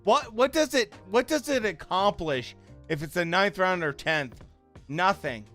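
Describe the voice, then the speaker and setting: Young guy streamer, mad and cursing, slow heavy talk, kinda high voice, faint music behind. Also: animated. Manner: angry, profane, shouts bursts and trails off into mutters. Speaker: streamer reacting to a boxing fight. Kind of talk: live reaction commentary.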